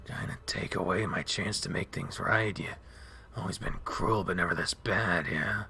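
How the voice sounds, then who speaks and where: A man doing a groggy, deadpan young wolf. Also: measured pace, vocal fry, slightly rough, heavily acted. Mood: flat mumbling. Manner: deadpan mumble, low and soft. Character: injured, groggy young male wolf, flat and rambling.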